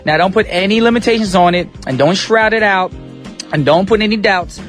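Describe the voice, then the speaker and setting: A man's voice: high voice, a little fast, fairly bright tone. A male radio DJ hosting his show in a studio, talking in an upbeat, chatty, slangy way. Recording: radio broadcast with faint music beds.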